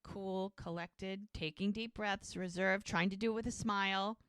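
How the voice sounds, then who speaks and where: A woman's voice: mid-range voice, normal speed, clean tone, no echo, studio quality. A woman co-hosting a podcast, recapping a TV episode in casual chat and acting out the characters' lines as she goes. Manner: animated retelling, acting out quoted lines. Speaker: podcast co-host.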